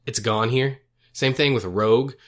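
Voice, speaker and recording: Talking at a moderate pace in a mid-range voice, a young podcast co-host reviews movies in casual chat. He rambles, corrects himself along the way, and laughs at his own jokes.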